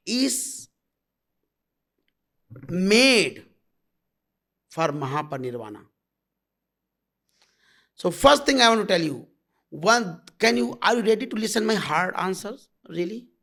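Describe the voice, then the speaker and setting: A man's voice: sits high, very animated, takes it slowly, vocal fry, pauses often, a bit bright. A man giving a satsang talk as a spiritual teacher, blunt and intimate, calling listeners "my love".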